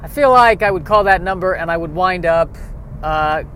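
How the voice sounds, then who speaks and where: A man's voice: sits high, moderate pace, a bit bright, slight background noise. A man from Colorado musing wryly in a casual comic monologue, outdoors on a city street. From Aurora, Colorado. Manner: wry, rambling, sardonic. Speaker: comedian.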